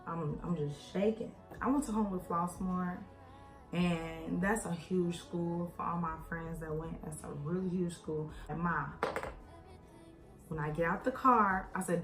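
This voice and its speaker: Brief: young woman vlogger, lowish voice, animated storytelling, echoey room, faint music under it. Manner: animated, acts out quoted voices, addresses viewers as y'all. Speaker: beauty vlogger. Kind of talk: casual storytelling while doing makeup.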